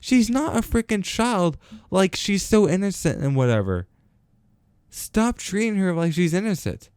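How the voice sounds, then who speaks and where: A man's voice: high voice, very animated, unhurried, a little mellow, smooth, dry recording. A teenage boy hosting his own show, ranting casually with lots of fillers and sarcasm. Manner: rambling, filler-heavy, sarcastic. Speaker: host. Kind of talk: casual rant vlog.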